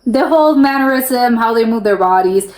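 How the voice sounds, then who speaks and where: A woman's voice: a little high, animated, moderate pace, darkish tone. Chatty American woman in an echoey room. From United States. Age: young adult. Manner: chatty, many restarts, frequent laughter. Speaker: reaction video host. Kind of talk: casual reaction commentary. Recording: roomy echo.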